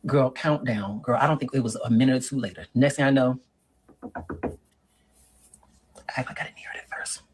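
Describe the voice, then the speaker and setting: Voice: mid-range voice, a little fast, long pauses, slight background noise, natural voice, low-quality recording. A performer playing a sassy middle-aged woman who lectures on dating in a comedic monologue and keeps calling the listener girl and honey. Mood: sassy lecturing. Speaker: relationship advice monologue.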